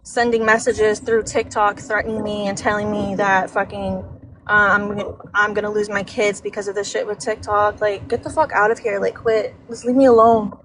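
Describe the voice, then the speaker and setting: A woman's voice: medium pitch, level tone, normal speed. A woman venting on a livestream, rambling and emphatic, heavy with swearing. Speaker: livestream guest. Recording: noisy background.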